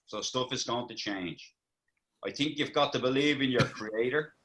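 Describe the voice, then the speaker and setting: Bright-voiced Irish man sharing lessons. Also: medium pitch, moderate pace, rough recording. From Ireland. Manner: earnest, reflective, motivational. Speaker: caller on a group call. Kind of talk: casual chat.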